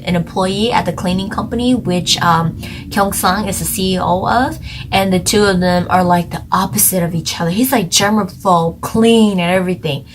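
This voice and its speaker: Young woman, casual drama review, lowish voice, rambling and chatty, lots of "like". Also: normal speed, a little hiss or hum. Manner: chatty, rambling, heavy use of "like". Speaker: drama reviewer, channel co-host.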